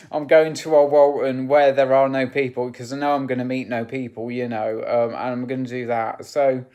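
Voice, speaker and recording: A man tells a personal story to camera at a slow, unhurried pace. His talk rambles and halts, full of restarts and fillers. He speaks with candid, open emotion. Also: medium pitch, a little mellow. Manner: rambling and halting, full of "you know" and restarts.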